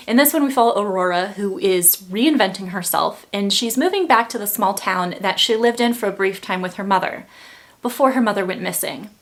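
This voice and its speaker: A woman's voice: mid-range voice, a bit bright. Chatty young woman booktuber. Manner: chatty, lots of "like" fillers, gets heated and emphatic. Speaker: book reviewer. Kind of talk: casual chat.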